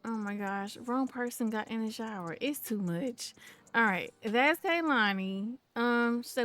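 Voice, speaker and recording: A woman's voice: fairly high pitch, measured pace, fairly bright tone, faint music behind. A woman giving casual, playful commentary on a life-simulation game, chatting to her viewers and to the characters on screen. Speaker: gameplay commentator.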